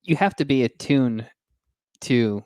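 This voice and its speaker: A man's voice: mid-range voice, lively intonation, takes it slowly, a little mellow, no echo, studio quality. A man in a casual podcast conversation, answering questions with short, matter-of-fact replies. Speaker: podcast co-host.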